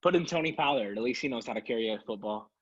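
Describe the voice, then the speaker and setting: A man's voice: mid-range voice, lively intonation, very fast, husky. A man co-hosting a sports podcast, ranting in casual talk, sarcastic and exasperated. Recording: dull lo-fi sound.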